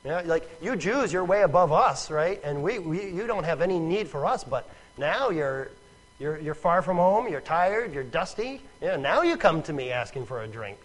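A man voicing a mocking, sarcastic village woman in a sermon retelling, with a slightly higher voice. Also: big pitch swings, normal speed, poor audio. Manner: sneering, sarcastic.

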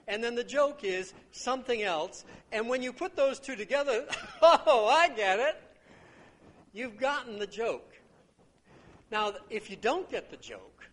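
A man's voice: sits high, a bit bright, slight background noise. An older man preaching a sermon on a parable, talking conversationally and acting out the lines of the people in his stories. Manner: conversational storytelling with acted-out quotes.

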